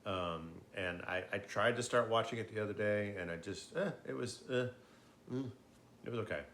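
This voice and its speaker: A man's voice: on the low side, normal speed, fairly bright tone, slight background noise. A man chatting casually and a bit tipsily, rambling with frequent swearing, fillers and restarts. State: tipsy. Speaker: host.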